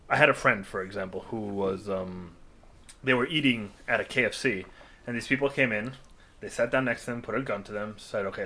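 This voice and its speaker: A man hosting a podcast, telling stories at ease and asking curious questions. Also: fairly low pitch. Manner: relaxed storyteller, curious questions. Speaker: podcast host. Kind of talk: casual podcast chat.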